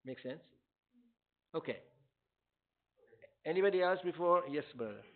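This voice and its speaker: A man's voice: fairly high pitch, lively intonation, a little slow. An older man, a therapist, answering questions from a community audience in a direct, emphatic way. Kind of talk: community Q&A talk. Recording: tinny phone-like sound.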